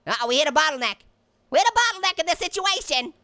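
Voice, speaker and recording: A cheeky cartoon orange gabbles through a game in a very high, bright, sharp voice. His pitch leaps up and down constantly as he giggles and fires off puns. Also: sing-song, fast, dry recording, studio quality, exaggerated voice. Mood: playful. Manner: giggly, punning, chattering nonstop. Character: hyper male talking orange fruit, pun-loving and cheeky. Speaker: game player. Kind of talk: cartoon character let's-play commentary.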